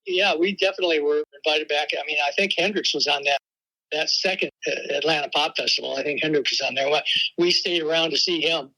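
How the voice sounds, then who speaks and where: An older man, a veteran rock drummer, telling stories in a relaxed interview and laughing often. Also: on the high side, fairly quick, poor audio. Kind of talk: casual interview talk.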